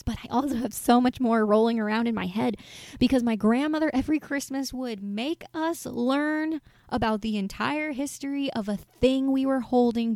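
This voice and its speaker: A woman in her late twenties tells a long personal story to her viewers in a loose, rambling way. Her voice is gravelly and mellow, and she drops into soft whispers now and then. The sound is close and dry. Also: mid-range voice, no room sound. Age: 20s. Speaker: vlogger answering viewer questions. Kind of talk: casual storytelling monologue.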